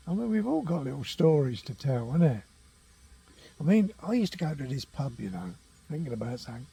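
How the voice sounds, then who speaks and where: A man's voice: on the high side, sing-song, fairly quick, gravelly, warm tone, slightly rough. An older man, chatting at home and rambling through family stories, correcting himself as he goes. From England. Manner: rambling, chatty, self-correcting, laughs at own tales. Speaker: walking vlogger. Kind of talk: casual storytelling to camera. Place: at home, indoors.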